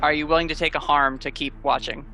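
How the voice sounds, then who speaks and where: Game master narrating over music. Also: male voice, fairly high pitch, quick pace, rough recording. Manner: steady, descriptive storytelling. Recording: music playing clearly behind.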